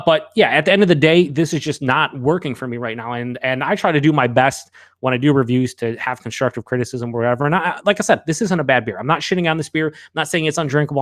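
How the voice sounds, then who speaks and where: Dude doing a live beer review, rambly and honest, curses a bit, reads chat out loud, dry close sound. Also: male voice, medium pitch, no room sound. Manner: rambling and candid, with frequent fillers and some swearing. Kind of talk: casual live review, reading out chat comments.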